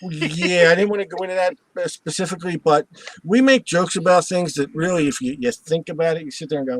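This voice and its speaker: A man's voice: fairly high pitch, no echo, poor audio. A man hosting a live show, telling a story with lots of laughter and acted-out voices. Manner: animated storyteller who acts out voices and laughs at his own jokes. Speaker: host.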